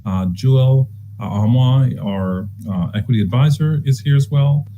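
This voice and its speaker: A man giving polite formal remarks as a senior staff lead in an online board meeting, pausing often with fillers. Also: medium pitch, mellow, highs cut off, a little hiss or hum. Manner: polite, with many filler pauses.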